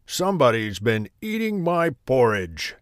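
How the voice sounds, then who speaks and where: A man voicing a big, gruff daddy bear in a bedtime storybook, growling his lines. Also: medium pitch, sing-song, a little slow, dry recording, studio quality. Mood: annoyed.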